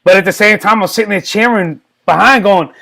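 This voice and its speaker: A man's voice: sits high, fairly quick, vocal fry, sharp tone, a little hiss or hum. A man guesting on a casual podcast, talking candidly and rambling, often repeating words.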